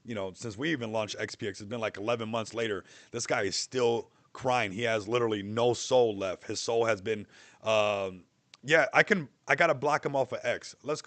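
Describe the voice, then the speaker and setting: A man's voice: mid-range voice, a bit bright, no echo. Loose, rambling guy on a livestream. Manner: loose, rambling, mocking, laughs often. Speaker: livestream host. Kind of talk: casual livestream chat.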